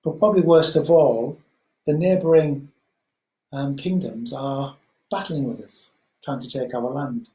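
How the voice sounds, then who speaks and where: A man plays a grown king from a spoken parable, weary and rueful about his lot. He talks low and subdued, dropping his voice as he lists troubles. The sound carries a roomy echo. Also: unhurried, a little mellow, close to an everyday voice.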